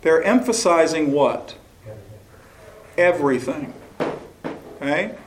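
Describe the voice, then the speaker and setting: A man's voice: on the high side, lively intonation, slow, slight background noise. A man leading a choral workshop session, explaining and asking questions, now and then singing a short phrase to demonstrate. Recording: echoey room recording.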